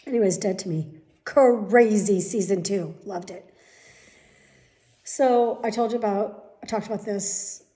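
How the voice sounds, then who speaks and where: A middle-aged woman talks straight to her audience in a loose, rambling daily vlog, hopping from one thing to the next. Her voice is warm and mellow, sitting at an ordinary pitch for a woman. She is candid and chatty, with the occasional casual swear. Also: unhurried. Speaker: vlogger.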